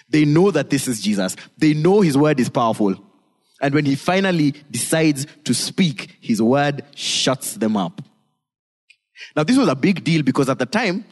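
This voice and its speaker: A male pastor preaching a sermon in a lively, joking way, acting out bits as he teaches. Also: medium pitch, big-room sound. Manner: lively, joking, retelling with voices.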